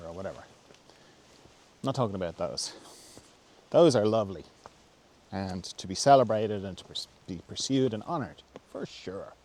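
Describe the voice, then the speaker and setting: A man answering a viewer's question in a gentle, reflective talk. He thinks aloud with pauses and restarts. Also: sits low, lively intonation. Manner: softly acts out quoted voices, dropping to a whisper. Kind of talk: reflective spoken talk on self-help.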